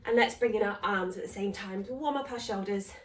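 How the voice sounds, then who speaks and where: In an echoing room at home, a female fitness instructor talks fairly quickly at a medium pitch, counting repetitions and offering encouragement while panting from the workout. She's recorded from a distance with a little background noise.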